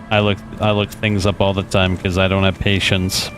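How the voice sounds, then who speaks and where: A man's voice: low voice, monotone, normal speed, music in the background. A male streamer chatting casually and joking while playing and reading game dialogue aloud. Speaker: gaming streamer. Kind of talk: casual let's play commentary.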